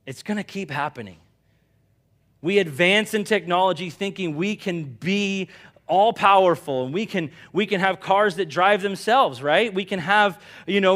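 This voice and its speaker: A man preaching a sermon in an animated, conversational way, dropping quiet for emphasis. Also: sits high. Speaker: pastor.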